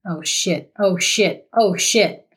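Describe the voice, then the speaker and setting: A woman's voice: medium pitch, measured pace, husky. A woman voicing a scared, pleading young man. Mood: panicked. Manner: urgent, pleading.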